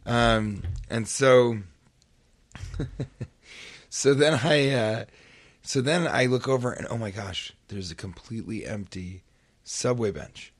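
A man's voice: medium pitch, takes it slowly, pauses often, husky. A man hosting a podcast, casually telling a comic story and acting out the sounds and voices in it. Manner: animated, acts out sounds and voices. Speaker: podcast host.

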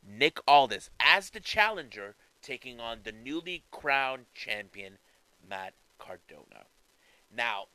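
A man talks wrestling news in a casual commentary, his voice bright and forward. His pitch jumps around a lot as he gets into it. The sound is dry and close, with no room around it. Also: no echo, rough recording. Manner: animated, conversational, fillers and restarts.

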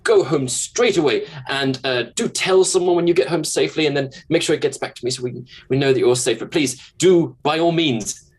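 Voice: mid-range voice, fairly quick, darkish tone, slightly rough, close to an everyday voice. A player voicing an effusively polite, formal young man at a tabletop game. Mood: courteous.

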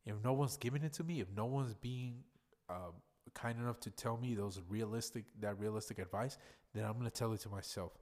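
A man's voice: lowish voice, a little fast, darkish tone. A tipsy man hosting a podcast in a blunt, profane, ranting monologue. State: tipsy from drinking. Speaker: podcast host.

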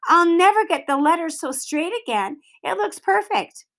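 A shrill, bossy fourth-grade girl, as a woman reader puts her on, pitched well above an adult voice. She sounds proud and indignant and swings widely up and down. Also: expressive, normal speed, a bit bright, exaggerated voice. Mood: protesting.

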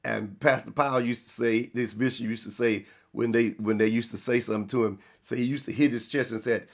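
A male pastor preaching a sermon, with sudden loud emphatic rises and slow drawn-out stresses. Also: medium pitch, fairly even intonation, creaky.

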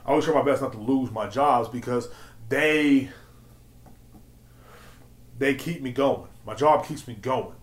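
A man's voice: medium pitch, measured pace, long pauses. A young man hosting a podcast, ranting in a rambling, profane storytelling way, laughing often and acting out quotes. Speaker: podcast host. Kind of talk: casual solo rant. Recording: echoey room.

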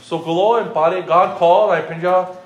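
A man's voice: high voice, fairly even intonation, moderate pace, dull audio. A man preaching a sermon, asking the congregation questions, calling out people by name and switching between English and Romani. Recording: roomy echo with faint music.

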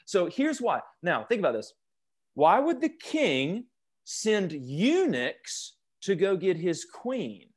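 Man, Bible study leader, video call, animated, joking, questions the group. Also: high-pitched, slow. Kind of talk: interactive teaching over a video call.

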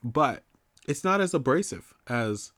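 A man's voice: mid-range voice, sing-song, a little slow, fairly bright tone, no room sound, clean studio sound. A man co-hosting a podcast, joking around in casual chat. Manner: jokey, playful. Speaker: podcast co-host.

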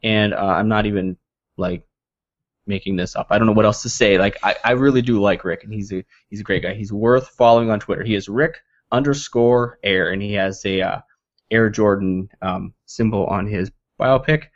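A man's voice: on the low side, moderate pace. A man co-hosting a casual tech podcast, rambling and correcting himself as he jokes along. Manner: rambling, self-correcting, joking. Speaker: podcast co-host. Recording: dull lo-fi dry sound.

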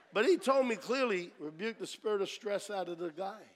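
A man preaching a sermon as pastor, telling a story dramatically, dropping to a hush and then rising to shouts. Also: high-pitched, brisk.

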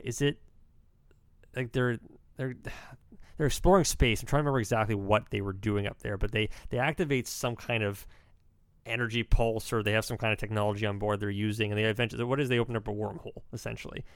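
Young male podcast co-host; quick, rambling, opinionated delivery in a dry, close sound. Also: on the low side, steady tone, no echo. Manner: rambling, self-correcting, opinionated. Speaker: podcast co-host reviewing films. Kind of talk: casual chat.

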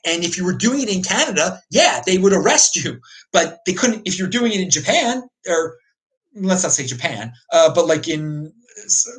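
Answering viewers in an unscripted opinion stream, the American crypto host talks at normal speed in a high, slightly bright, very animated voice. He goes on emphatically, restarting and repeating himself a lot, over a rough recording.

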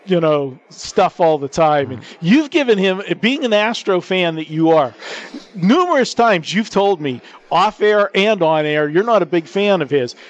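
A man's voice: sits high, animated, a little slow. A man hosting a sports betting talk show, chatting casually, laughing often and restarting sentences.

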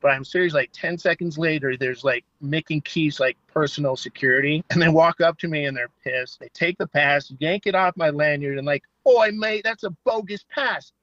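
Male guest, animated storyteller who swears freely, heard over a muffled call. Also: a little high, fairly quick, few pauses, no room sound. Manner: animated, swearing, acts out quotes. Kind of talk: casual storytelling. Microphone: phone line. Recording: dull phone-line audio.

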